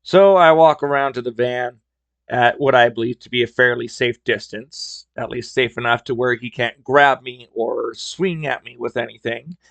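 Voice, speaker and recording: Gravelly man telling wry work stories. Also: medium pitch, normal speed, fairly bright tone, no echo. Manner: wry, conversational. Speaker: podcast host. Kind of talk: casual storytelling.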